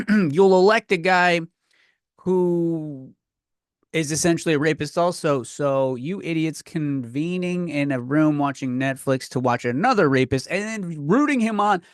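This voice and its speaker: A slightly high-voiced man hosts a comedy podcast, ranting at a measured pace with heavy profanity and fumbled restarts. He uses his own podcast microphone, and the audio is studio quality with no echo.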